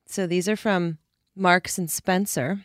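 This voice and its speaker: A young adult woman co-hosting a casual chat podcast in a studio, chatty and quick to laugh. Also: lowish voice, fairly even intonation, no room sound. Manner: giggly, chatty. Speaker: podcast co-host, publicist. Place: recording studio.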